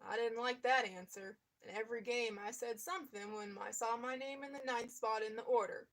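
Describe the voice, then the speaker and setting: A woman reading a memoir aloud in a steady voice, now and then stopping to comment on it and laugh. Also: a little high, moderate pace. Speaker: reader.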